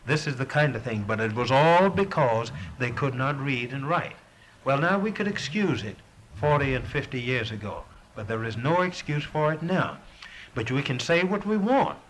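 A man's voice: medium pitch, expressive, moderate pace, a bit bright, slight background noise, poor audio. A middle-aged man speaking earnestly in an interview, with a preacherly build and repeated words as he presses a point. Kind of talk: impassioned recollection.

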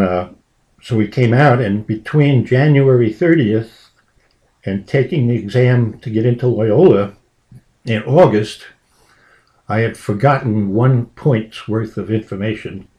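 Rambling storyteller from Brooklyn. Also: male voice, fairly low pitch, measured pace, warm tone. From Brooklyn, New York. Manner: rambling, full of uh fillers. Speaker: interviewee. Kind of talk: oral history storytelling.

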